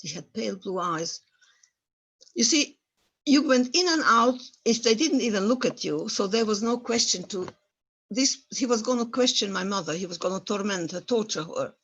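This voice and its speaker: A woman's voice: medium pitch, lively intonation, moderate pace, fairly bright tone, husky, dull audio. A woman in her eighties from the former Yugoslavia tells her own wartime story. She searches for words in non-native English and grows stirred up as she remembers. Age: 80s. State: stirred up by memories. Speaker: Holocaust survivor guest speaker. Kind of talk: personal testimony at an online talk.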